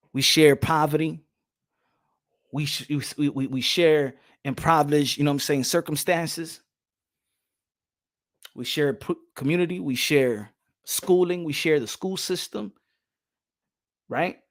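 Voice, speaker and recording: A man from New York whose first language is Spanish, hosting a boxing talk show and ranting passionately to his panel, repeating himself and shouting at times. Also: fairly high pitch, a little slow, long pauses. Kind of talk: livestream panel monologue.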